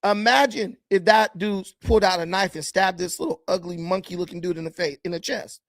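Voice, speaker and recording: A man's voice: sits high, fairly even intonation, fairly quick, dry recording. Blunt, mocking male commentator, dry sound. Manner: blunt, combative and mocking, with sudden swings in loudness. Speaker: commentator reacting to video clips. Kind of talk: casual reaction commentary.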